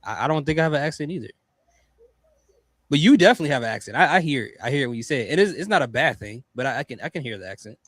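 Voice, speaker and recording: A man hosts a laid-back wrestling chat, asking questions and reacting quickly with easy laughs. His voice sits mid-range and sounds dry and close to the mic. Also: medium pitch, animated, fairly bright tone, dry recording. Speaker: podcast host. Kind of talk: casual chat.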